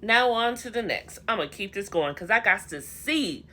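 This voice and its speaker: A woman's voice: medium pitch, animated, normal speed, pushed and bright. A young woman recapping a reality TV episode in a chatty, slangy, gossipy way, calling her viewers honey and y'all.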